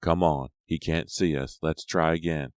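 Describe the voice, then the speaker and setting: A man's voice: rumbling low, fairly even intonation, moderate pace, darkish tone, no room sound, clean studio sound. A man doing a muttering teenage boy. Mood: urgent. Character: restless teenage boy camper.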